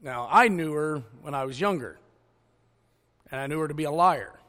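A man preaching a sermon full of stories and jokes, with an animated, jokey delivery. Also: on the high side, normal speed. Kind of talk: storytelling sermon.

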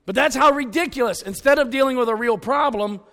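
A man preaching a sermon full of stories and jokes, with an animated, jokey delivery. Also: very high voice, a little fast. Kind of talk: storytelling sermon.

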